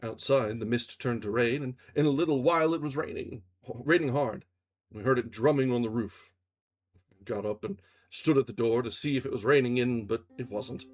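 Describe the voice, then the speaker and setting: A man reading a novel aloud on his livestream channel in a calm storytelling manner. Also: medium pitch, normal speed. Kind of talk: audiobook-style reading on a livestream.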